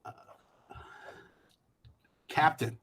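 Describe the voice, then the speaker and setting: A man's voice: extremely slow, a bit bright. Hesitant man running a tabletop game. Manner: hesitant, lots of fillers and restarts. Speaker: game master.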